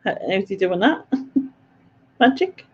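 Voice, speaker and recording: Slow-talking woman quiz host. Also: mid-range voice, big pitch swings, breathy edge, muffled recording. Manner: chatty and self-mocking, laughs often. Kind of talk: live-stream quiz chat, reading out viewer comments.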